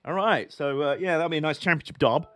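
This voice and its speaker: A man's voice: a little high, fairly bright tone. A young man giving rambling, jokey live commentary while playing a racing game on stream. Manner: jokey, rambling, chatty banter.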